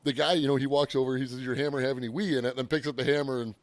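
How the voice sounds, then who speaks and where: A man's voice: mid-range voice, flat delivery, racing. A man co-hosting a podcast, telling rambling shop stories in casual chat and laughing often. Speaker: podcast co-host.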